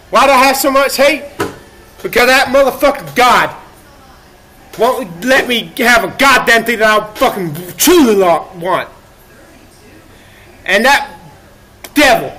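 Man, very high voice, tense and bright, profane erratic rant, self-pitying, livestream monologue. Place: laundromat.

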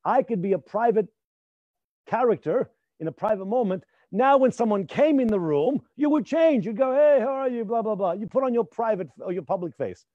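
A man teaching a live acting class, emphatic and repetitive, sometimes dropping to a hushed voice to demonstrate. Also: high-pitched, lively intonation, moderate pace, no echo, lo-fi sound. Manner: emphatic, repeats points, drops to near whispers to demonstrate.

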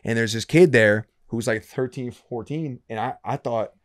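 A man in his thirties swaps stories on a podcast with a profane, animated delivery, often repeating himself as he gets excited. His voice sits at a middle pitch and sounds dry and close, with no room echo. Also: moderate pace. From Dearborn, Michigan, US. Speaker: podcast guest. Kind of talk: casual storytelling.

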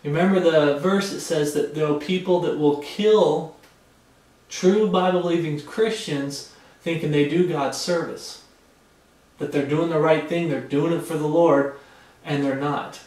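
A man's voice: a little high, steady tone, unhurried, darkish tone. A man preaching a Bible study, reading scripture aloud and explaining it in plain, casual talk. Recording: echoey room, mic far off.

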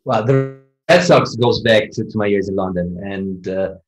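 Low-voiced man telling relaxed anecdotes. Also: moderate pace, music in the background, poor audio. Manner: anecdotal, reflective, self-deprecating. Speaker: interviewee. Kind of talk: casual interview conversation.

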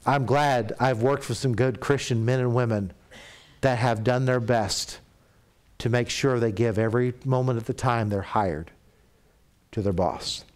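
A man's voice: medium pitch, steady tone, unhurried. Middle-aged man preaching a sermon. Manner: storytelling, acts out quoted voices, drops to a soft confessional tone. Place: church.

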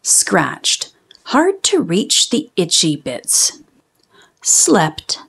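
A woman voicing a sleepy, bossy, carrot-demanding wombat in a children's storybook, with deadpan diary entries and sleepy words whispered. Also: fairly low pitch, extremely slow, creaky, husky, voice pushed down, heavily acted. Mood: dry, sleepy.

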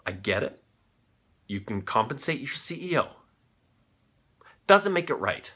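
Animated, bright-voiced ranting male host. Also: mid-range voice, measured pace, husky. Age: 30s. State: on cold medication. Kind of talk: comedic news commentary.

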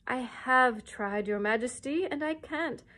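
A woman's voice: high voice, unhurried, pushed and bright. A woman reading aloud, voicing a tired, anxious female cow who speaks in a plaintive, pleading way. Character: weary, anxious red cow who cannot stop dancing.

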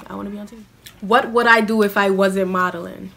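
A woman's voice: medium pitch, fairly even intonation, fast, vocal fry, pushed and bright. A young woman, chatting in a casual question-and-answer vlog. She is self-mocking and scatters "like" through her talk. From New York City. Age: young adult. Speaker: vlogger.

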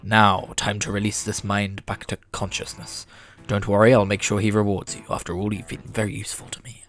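Man doing a cold, measured possessing spirit for a game playthrough, slow and menacing. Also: on the low side, level tone, fairly bright tone, natural voice.

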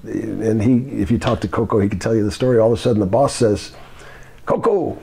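A man's voice: lowish voice, steady tone, fast, creaky, warm tone, slightly rough. A man in his sixties, a retired wrestler, telling long rambling stories with many fillers in an interview. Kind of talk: storytelling shoot interview.

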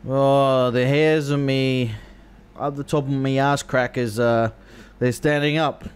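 A man's voice: mid-range voice, fairly even intonation, slow, clear, resonant tone. A man with an Australian accent giving casual reaction commentary, chatty and repeating himself as he talks back to the screen. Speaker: reaction video host. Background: show soundtrack playing.

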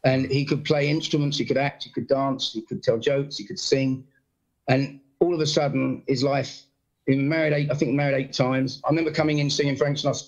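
A middle-aged man, a guest comedian, telling animated stories with blunt swearing over a video call. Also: mid-range voice, a little fast, lo-fi sound. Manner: animated storyteller, frequent impressions, blunt swearing. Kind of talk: casual anecdote telling.

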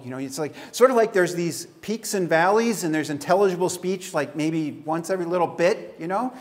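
A man as pastor, preaching a casual, conversational sermon with chatty asides and quick laughs. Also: sits high.

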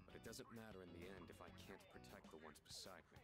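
An actor playing an earnest, loyal young male student fighter in a video game, speaking calmly and sincerely. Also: low-pitched, husky, faint music behind. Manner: calm, sincere and measured. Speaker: game character. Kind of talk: game voice acting.

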